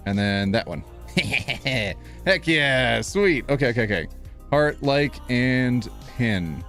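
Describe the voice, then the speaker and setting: A man hosting a casual live stream from his home office, chatty and excitable, laughing often and squealing with delight. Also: medium pitch, moderate pace, soft background music. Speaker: livestream host.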